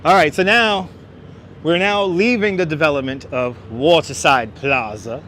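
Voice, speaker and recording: A man's voice: on the high side, a bit bright. New york man, walking livestream host, chatty and joking, slightly raised voice, faint traffic outdoors. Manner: chatty, jokey, addresses the chat. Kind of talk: live walking tour commentary. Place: outdoors on a city waterfront. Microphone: wireless clip-on mic. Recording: outdoor street noise from wireless mic.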